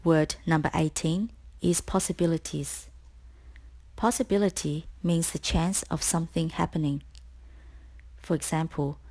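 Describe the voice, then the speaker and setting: A woman tutor reading a scripted spelling lesson, explaining each word slowly and clearly. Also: low voice, warm tone. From Australia. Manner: slow, clear, deliberate explanations.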